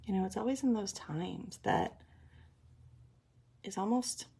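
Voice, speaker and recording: A woman's voice: medium pitch, lively intonation, unhurried, vocal fry, dark tone, husky. A woman, rambling and chatty, talking through a live makeup tutorial with lots of ums. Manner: chatty, rambling, many ums, explains as she works.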